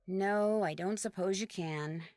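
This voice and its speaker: A woman's voice: mid-range voice, unhurried, darkish tone, close to an everyday voice. A woman voicing a young woman angler in a video game, speaking in a plain, matter-of-fact, dry way.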